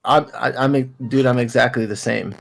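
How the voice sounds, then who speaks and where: A man with a gravelly, mid-pitched voice jumps into a podcast conversation with short, blunt comments. His talk is plain and casual, with a rough edge on the words. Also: fairly even intonation. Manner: blunt, chiming in with quick remarks. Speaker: podcast co-host. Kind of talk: casual chat.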